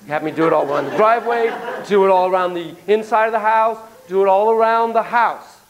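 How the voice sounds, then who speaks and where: A man lecturing a class, telling stories in an animated, playful way and acting out sound effects. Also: sits high, quick pace, poor audio.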